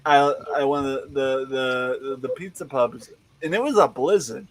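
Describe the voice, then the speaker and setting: A man's voice: mid-range voice, animated, moderate pace, poor audio. A man telling a rambling anecdote in casual chat, laughing as he goes.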